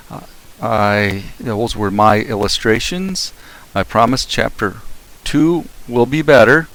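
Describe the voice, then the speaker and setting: Slow hesitant man, author's aside. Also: mid-range voice, a bit bright, low-quality recording. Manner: hesitant with fillers. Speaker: author introducing his story. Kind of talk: casual spoken intro and outro.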